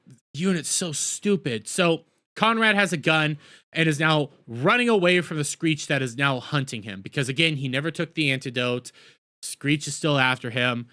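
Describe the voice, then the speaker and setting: A man's voice: mid-range voice, pushed and bright. A man casually recapping and reviewing a TV episode, rambling and sarcastic, openly exasperated.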